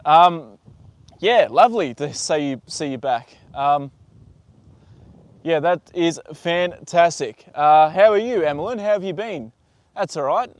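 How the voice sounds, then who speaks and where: Outside with a horse and a phone set on a tripod, a livestream host reads viewer comments, chatting in a rambling, easygoing way with plenty of fillers. He speaks expressively at a measured pace, with a somewhat high voice and no echo.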